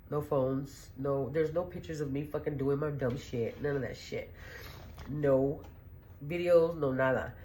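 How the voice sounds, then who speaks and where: A woman's voice: sits low, warm tone, a little hiss or hum. A middle-aged woman hosting a podcast, telling stories in a blunt, profane, rambling way and laughing as she goes. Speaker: podcast host. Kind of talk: casual storytelling monologue.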